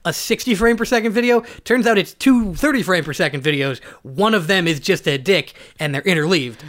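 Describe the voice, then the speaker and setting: A man's voice: high voice, a little fast, a bit bright. A man co-hosting a casual comedy podcast, riffing crudely and laughing often. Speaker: podcast co-host.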